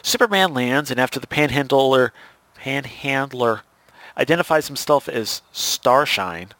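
A man at an ordinary middle pitch talks through a comic book plot in a casual recap. He is relaxed and stops to fix his own slips as he goes. The recording is dry and close, with no room sound. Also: moderate pace, no echo.

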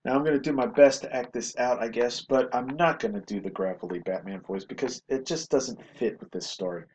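A man's voice: medium pitch, fairly quick, darkish tone, a little hiss or hum, low-quality recording. A man hosting a podcast, giving casual, rambling commentary with self-deprecating asides. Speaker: podcast host reviewing comics.

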